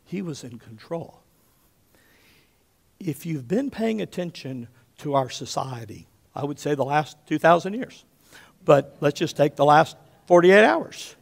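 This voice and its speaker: A man in his fifties preaching a sermon as pastor, telling stories with big swings between loud and hushed, often checking in with "okay?". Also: fairly high pitch, unhurried, gravelly. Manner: animated storyteller, often checks in with "okay?", drops to a hush for quotes.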